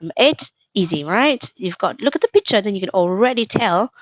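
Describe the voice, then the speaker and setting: A woman's voice: mid-range voice, expressive, brisk, no room sound, dull audio. A woman teaching an English lesson, patient, asking questions, praising and spelling words out, with a mother tongue. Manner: patient, asks questions then praises, glosses words in Vietnamese.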